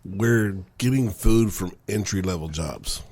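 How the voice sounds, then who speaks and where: A man's voice: low voice, unhurried, a little mellow. A man chiming in with short, dry remarks during a casual podcast chat.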